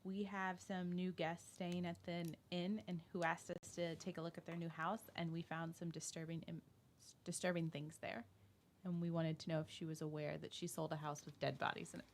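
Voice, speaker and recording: Woman player at a tabletop game, kinda low voice, casual, faint noise behind. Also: level tone, fairly quick.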